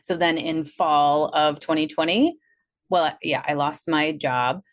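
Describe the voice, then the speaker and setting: A woman from Milwaukee with a Wisconsin accent, a guest in a casual interview, telling her story with animation and acting out her past thoughts in a higher voice. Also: measured pace, no echo. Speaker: guest, energy healer.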